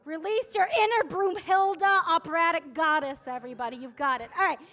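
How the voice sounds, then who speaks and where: A woman's voice: very high-pitched, brisk, a bit bright. A woman leading a sung Passover seder, playful and joking, making animal and sound effects as she sings. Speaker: seder leader. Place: synagogue service. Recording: guitar music behind.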